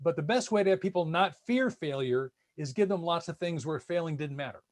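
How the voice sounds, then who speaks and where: A man presenting at a speaker series over a video call, talking in animated bursts with frequent restarts. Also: fairly high pitch, fairly quick. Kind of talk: casual panel talk.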